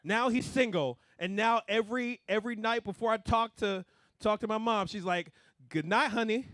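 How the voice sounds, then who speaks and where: A young man doing a stand-up comedy set, animated, swinging between mumbled asides and loud punchlines. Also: sits high, moderate pace, no room sound, studio quality.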